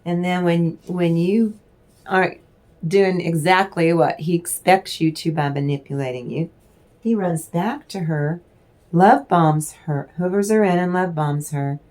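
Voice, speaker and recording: Lady tarot reader rambling on, kinda low voice, warm and chatty, clears her throat a lot. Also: measured pace. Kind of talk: casual spiritual tarot reading.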